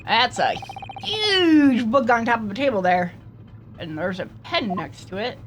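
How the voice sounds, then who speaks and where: A woman's voice: on the high side, big pitch swings, unhurried, slight background noise. A woman playing a story game, reading lines and joking in casual chat. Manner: playful and joking, with giggles and trailing asides. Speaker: game player. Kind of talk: casual let's-play chat and reading dialogue.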